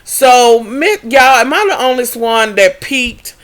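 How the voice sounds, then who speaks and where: A woman's voice: a little high, takes it slowly. A young woman recapping a reality TV episode in a sassy, profane, gossipy way. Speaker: TV recap vlogger.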